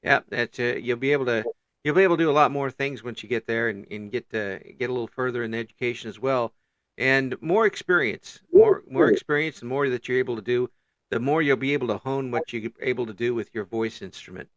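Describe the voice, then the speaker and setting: A man hosting an interview, encouraging and measured, summing up his guest's answers. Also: mid-range voice, fairly bright tone, no room sound, highs cut off. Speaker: interview host. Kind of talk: casual interview.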